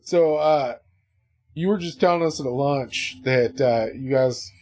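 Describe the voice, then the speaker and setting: A man's voice: medium pitch, takes it slowly, a little mellow. A man hosting a casual podcast chat, prompting his guest to tell a story. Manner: prompting, laughs along. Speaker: podcast host.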